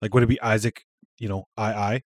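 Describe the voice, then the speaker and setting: A man's voice: fairly low pitch, flat delivery, brisk, no room sound, clean studio sound. A man co-hosting a podcast in casual chat, swearing freely and often trailing off mid-thought. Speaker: podcast co-host.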